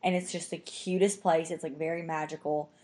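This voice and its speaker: A woman's voice: sits low, level tone, a little fast, warm tone. A young woman telling a story in casual chat, talking chattily and saying "like" constantly.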